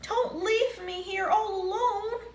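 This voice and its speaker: Brief: a woman reads a nervous little storybook sheep, high and bright, in a roomy space. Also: wildly swooping pitch, slow pace, heavily acted. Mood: pleading. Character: timid worried female sheep.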